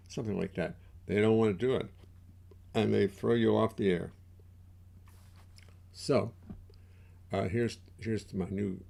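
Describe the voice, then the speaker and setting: Gravelly older man chatting wryly. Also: fairly low pitch, a little mellow. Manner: wry, self-mocking, chatty with restarts. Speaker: musician hosting a livestream. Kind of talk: casual rambling livestream chat. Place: home studio. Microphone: desk mic.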